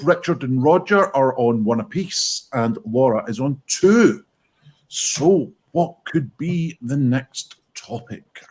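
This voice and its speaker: Hosting an online pun contest, this British man speaks with a slightly mellow voice on the high side. He reads out scores and invites players to go, keeping it light and jokey in a casual online comedy chat.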